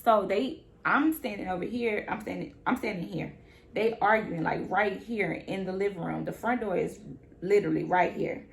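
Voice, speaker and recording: A young woman vlogger telling a story in casual, slangy talk, animated and repeating her phrases. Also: medium pitch, moderate pace, vocal fry.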